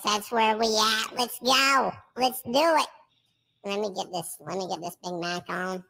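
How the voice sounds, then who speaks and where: A man's voice: high-pitched, vocal fry, bright, forceful tone, pitched above the performer's own voice, exaggerated voice. A man talking through a voice filter as a brash, slangy streetwise eater, hyping up his food during a mukbang stream. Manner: swaggering, slangy hype talk while eating.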